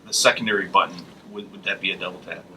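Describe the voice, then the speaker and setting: A man in easy podcast chat whose bright tone comes from a little way off the mic. A faint noise floor runs under his lively storytelling. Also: deep voice, fast talker, distant mic, poor audio. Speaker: podcast co-host. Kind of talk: casual chat.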